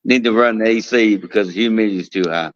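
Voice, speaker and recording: A cigar plant worker, appearing as a guest, chats casually in a fairly low, quick voice, often restarting and trailing off mid-thought. The recording has a dull lo-fi sound.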